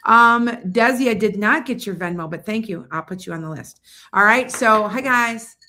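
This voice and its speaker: A woman's voice: mid-range voice, moderate pace, pushed and bright, slight background noise. A woman giving psychic readings on a casual livestream, chatting loosely and often losing her train of thought. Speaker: psychic reader.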